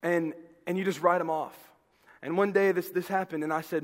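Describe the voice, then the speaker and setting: A man's voice: sits high, steady tone, fairly quick. A man, preaching an earnest sermon to teens and repeating words as he goes. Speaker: pastor. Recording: long hall reverb.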